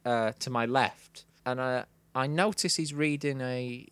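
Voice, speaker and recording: A man's voice: medium pitch, measured pace, fairly bright tone, clear, resonant tone, no echo. A middle-aged man from Manchester with a Mancunian accent, telling comic stories in a wry, sardonic way on a podcast. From Manchester, England. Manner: wry, sardonic, mocking impressions. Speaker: podcast co-host. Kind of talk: comic storytelling chat.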